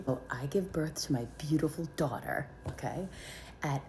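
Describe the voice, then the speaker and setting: A woman telling a personal story to her viewers, animated and dramatic, with whispered asides. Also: deep voice, moderate pace, a little hiss or hum. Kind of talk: casual storytelling to camera.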